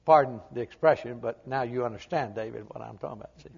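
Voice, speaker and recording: An older man preaching a humorous, folksy sermon, swinging from loud emphatic lines to quiet low asides. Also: fast talker, creaky, muffled recording, slight background noise.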